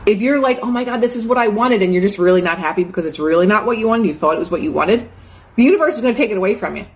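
A woman's voice: fairly low pitch, lively intonation, rapid-fire. A young adult woman giving an earnest, chatty motivational talk, full of fillers like "like". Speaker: host.

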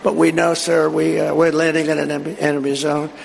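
A man's voice: on the high side, completely flat delivery, fast talker, gravelly, slight background noise. A man giving a rambling, anecdotal speech at a live event, boastful and digressive, acting out dialogue as he tells the story. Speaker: political speaker at a live event.

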